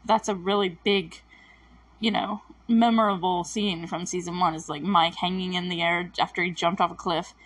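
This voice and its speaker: A woman's voice: fairly low pitch, steady tone, moderate pace, fairly bright tone. A woman recapping a TV episode in a chatty, emotional way, with lots of fillers and self-corrections. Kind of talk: casual recap commentary.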